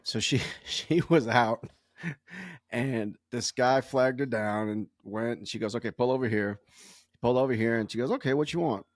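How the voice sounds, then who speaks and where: A man's voice: mid-range voice, moderate pace, no room sound, clean studio sound. A man, a podcast co-host and former police officer, telling stories in crude, joking casual chat.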